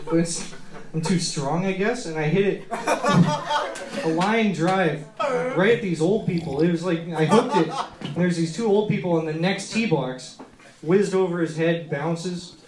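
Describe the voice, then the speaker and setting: A man's voice: high voice, lively intonation, unhurried. A man doing a crude, rambling stand-up set, captured live in a club with the audience laughing. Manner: rambling, crude, absurd storytelling. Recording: roomy live club recording with loud crowd.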